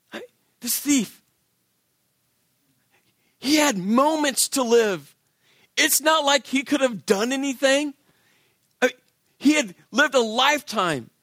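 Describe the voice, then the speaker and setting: Lively high-voiced male preacher. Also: dry recording, studio quality. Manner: animated preaching, acting out biblical characters' voices. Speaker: pastor. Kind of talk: sermon.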